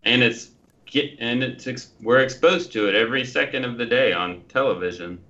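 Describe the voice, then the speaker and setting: A man on a podcast thinking aloud in a halting way, restarting his sentences, heard over a remote line. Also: mid-range voice, pushed and bright, muffled recording. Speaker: podcast co-host. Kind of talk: casual chat.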